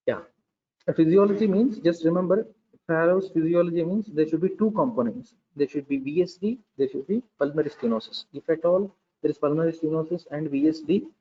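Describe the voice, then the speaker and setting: A man with an Indian English accent giving a medical lecture to students, explaining patiently and pausing often with "okay" and "uh". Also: a little high, slightly rough, dull audio. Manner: explains patiently with frequent "okay" and filler pauses. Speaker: pediatrics lecturer.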